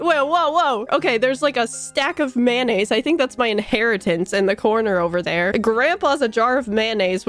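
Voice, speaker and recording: A young woman with a fairly high voice, chatting excitedly as she plays a video game. She giggles a lot and keeps throwing in silly little jokes. Soft game music plays faintly behind her. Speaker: gaming video creator. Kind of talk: casual gameplay commentary.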